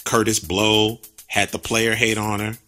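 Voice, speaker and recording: Slangy, blunt low-voiced man reviewing a film. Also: unhurried, soft background music. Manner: animated, slangy, blunt, lots of asides. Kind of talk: casual spoken film review.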